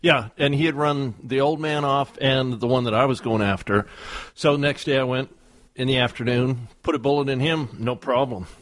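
A man co-hosting a radio show in casual chat, telling a story in a profane, animated way and laughing often. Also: medium pitch, normal speed, no echo. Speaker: radio co-host.

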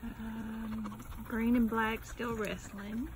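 A woman, narrating a home puppy video in an easy, slow way and coaxing the dogs. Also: level tone. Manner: slow, easy commentary, coaxing puppies in a high sing-song. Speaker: dog breeder filming puppies. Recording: noisy home video with panting dog nearby.

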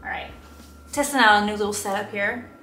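Speaking fairly quickly in a steady, medium-pitched voice that sounds pushed and bright, this young American woman vlogs about lifestyle topics from a large room at home in Texas. Slight background noise is audible, the camera sits on a tripod, and she rambles chattily with self-deprecating asides.

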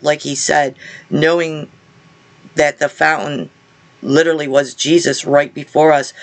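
A man recounts a vision in a slightly high, gravelly voice. He speaks with earnest feeling, stumbling and restarting his phrases as he goes. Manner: halting, repeats and restarts words, earnest. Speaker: vlogger sharing a religious vision. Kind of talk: casual spoken testimony.

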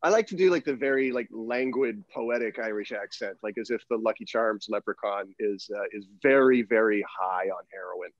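A man's voice: fairly low pitch, moderate pace, no echo. Man cohost cracking wry jokes, dead dry room, kinda muffled. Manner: wry, jokey banter. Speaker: podcast co-host. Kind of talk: casual chat. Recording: dry, dull lo-fi mic.

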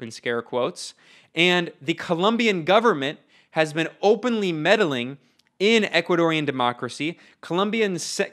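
A young man delivers a political talk with an emphatic, sardonic edge. His voice sits a little high for a man. He breaks off and restarts phrases as he goes. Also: a bit bright. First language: English. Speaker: invited speaker.

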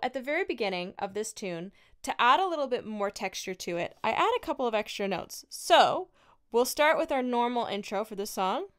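A woman's voice: a little high, lively intonation. Upbeat woman teaching fiddle, with a Newfoundland accent. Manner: encouraging, patient, explains slowly. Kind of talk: friendly step-by-step music tutorial. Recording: fiddle playing loud in between.

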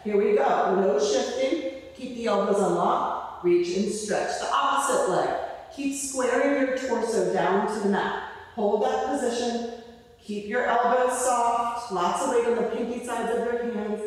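A woman's voice: fairly high pitch, a little slow. Breathless woman coaching a floor workout. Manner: encouraging, counts reps aloud, cues breathing. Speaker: physical therapist leading home exercises. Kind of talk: guided exercise class instruction. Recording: echoey hall, voice far from mic.

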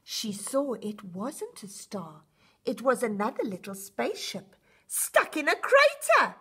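A woman storyteller reads a picture book aloud for very young children. She takes her time, and her voice is high, bright and full of lift. Every line rises and falls in a sing-song way. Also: wildly swooping pitch, unhurried.

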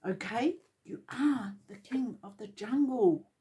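A woman's voice: fairly high pitch, takes it slowly, warm tone. A woman giving a tarot reading, speaking encouragingly and directly to her viewers with lots of repetition. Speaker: tarot reader.

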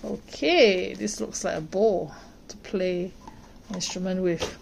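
A woman hosting a toy unboxing, gently narrating and reacting with delight to each figure as she unwraps it. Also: lowish voice, steady tone, slow, creaky, noisy background. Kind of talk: unboxing narration, soft ASMR-like. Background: plastic crinkling and clicks from handling toys.

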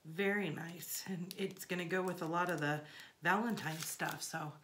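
A woman's voice: fairly low pitch, fairly even intonation, normal speed, fairly bright tone, a little hiss or hum. A woman hosting a casual crafting vlog, unboxing gifts and repeating her thanks, still recovering from the flu. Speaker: crafting channel host.

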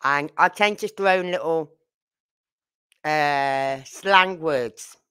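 Slow-talking Birmingham woman chatting. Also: low voice, a bit bright, clear, resonant tone. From Birmingham, England. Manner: chatty, rambling, with fillers and asides. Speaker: livestream host. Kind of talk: casual chat to a live chat.

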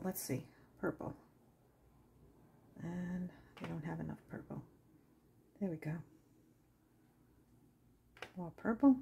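A woman's voice: fairly low pitch, creaky, mellow, slight background noise. A woman hosting a watercolor craft tutorial, chatting casually and laughing as she tells stories while she paints. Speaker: craft channel host.

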